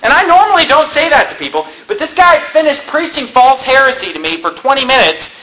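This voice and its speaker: A man's voice: very high voice, big pitch swings, brisk, sharp tone, slight background noise. A male pastor telling a story from the pulpit in an emphatic, conversational way, chuckling now and then. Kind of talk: sermon storytelling. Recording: echoey room.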